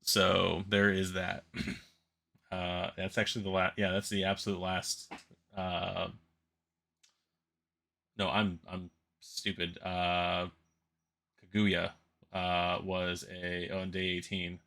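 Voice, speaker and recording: Sleepy male game-channel host, low-pitched and rambling, keeps correcting himself. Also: monotone, slow, gravelly, long pauses, sharp tone. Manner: rambling, self-correcting, laughs at his own slips. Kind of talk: casual solo commentary on a crowdfunding campaign.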